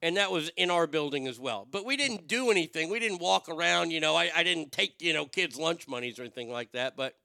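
A man's voice: fairly high pitch, expressive, brisk, vocal fry, few pauses, smooth, no room sound, clean studio sound. A man hosting a radio show, telling a story and then going into a profane, building rant. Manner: profane, building to shouted outrage. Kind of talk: storytelling and ranting.

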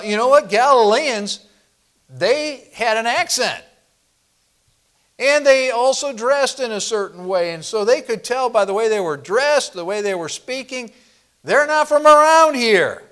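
A man preaching a sermon in a measured, unhurried way, pausing to ask his congregation questions as he works through the text. His voice sits a little higher than most men's. He grew up in the northern Midwest of the US. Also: fairly bright tone. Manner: teacherly, asks the congregation questions. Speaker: pastor.

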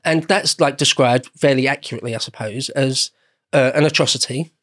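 A man's voice: medium pitch, fairly quick, fairly bright tone, no room sound. Dry-voiced English man, meandering. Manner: meandering, circles back and rephrases often. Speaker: podcast guest explaining history. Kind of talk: casual podcast conversation.

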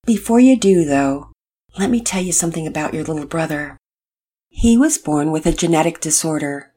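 A cheerful middle-aged father who explains things patiently to his boy, as a woman reads him aloud. The voice keeps a slightly husky grain, lifting above the reader's low voice. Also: expressive, normal speed, dark tone. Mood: tender.

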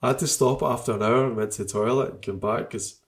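A man's voice: medium pitch, steady tone, quick pace. A man in casual chat about football, emotional and rambling, often trailing off and restarting.

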